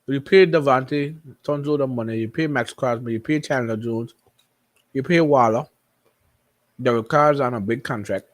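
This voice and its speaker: A man's voice: mid-range voice, moderate pace. A man co-hosting a casual football talk stream, rattling off player names and stats. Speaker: co-host.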